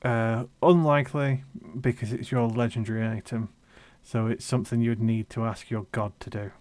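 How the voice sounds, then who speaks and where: A man running a tabletop game as game master, narrating in a relaxed, chatty way over a voice call. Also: medium pitch, moderate pace, no echo. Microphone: headset or desk mic on a voice call.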